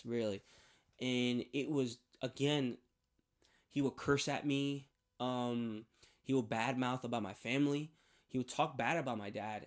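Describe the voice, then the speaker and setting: A man's voice: mid-range voice, a bit bright. Hesitant young man telling a personal story. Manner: rambling, hesitant, many restarts and fillers. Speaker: vlogger sharing a faith testimony.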